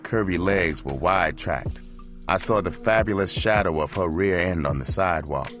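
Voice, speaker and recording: Audiobook narrator, deep low man's voice, soft music underneath. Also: moderate pace. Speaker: audiobook reader. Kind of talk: first-person narration of a memoir.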